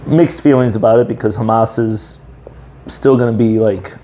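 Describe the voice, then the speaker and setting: A man with a mellow, dark voice talks in a low-key, measured way during a relaxed podcast chat and often lets his sentences trail off. A faint hiss lies under the recording. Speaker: podcast co-host. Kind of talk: casual chat.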